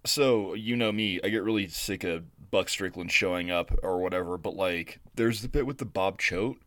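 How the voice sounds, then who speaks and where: Low-voiced man, rambling podcast chat. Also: moderate pace, no room sound. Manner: rambling, profane, animated when quoting people. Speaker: podcast co-host. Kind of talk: casual chat.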